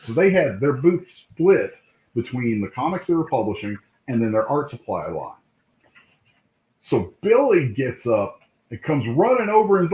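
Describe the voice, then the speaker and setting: Man telling animated stories over a tinny call. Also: a little high, moderate pace. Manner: animated anecdote-telling, acts out quoted voices. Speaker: comic book artist guest. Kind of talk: casual storytelling interview. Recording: tinny call line in an echoey room.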